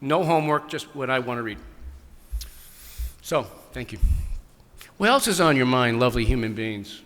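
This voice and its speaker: A man's voice: medium pitch, animated, moderate pace, fairly bright tone, big-room sound. A man, answering an audience's questions in casual, rambling talk with many restarts. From New England. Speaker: author at book festival Q&A. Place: large hall.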